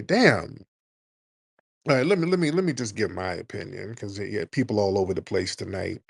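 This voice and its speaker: A man's voice: on the low side, a little fast, gravelly, slightly rough, no echo. A man hosting a live call-in show who talks bluntly and sounds impatient and exasperated with callers. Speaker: radio show host.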